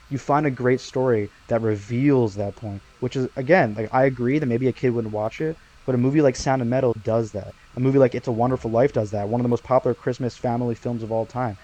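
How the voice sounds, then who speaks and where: A man argues his case in a casual podcast film debate. He talks fast and pushes his points hard. His voice sits at an ordinary pitch. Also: mellow, low-quality recording. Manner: fast-talking and argumentative. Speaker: podcast co-host.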